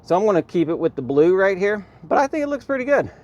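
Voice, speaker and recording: A man's voice: sits high, sing-song, fast, darkish tone, highs cut off. A man talking casually in a how-to vlog from inside his car, rambling with lots of "um" and "right here" as he points things out. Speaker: car vlogger.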